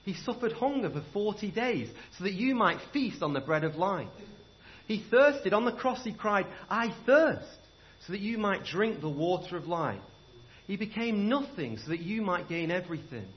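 A man's voice: high-pitched, big pitch swings, normal speed, dull audio. A man preaching a sermon, impassioned and repetitive, telling stories to make his point.

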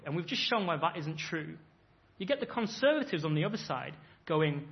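A man's voice: fairly high pitch, sing-song, brisk. A man in his thirties preaching a sermon, emphatic and acting out imagined voices as he makes his points. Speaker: pastor. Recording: dull lo-fi sound.

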